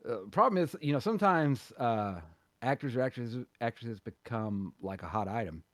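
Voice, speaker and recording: A man's voice: medium pitch, expressive, moderate pace, fairly bright tone, no echo. A man co-hosting a podcast in casual chat, rambling with frequent restarts and easy laughter. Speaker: podcast co-host.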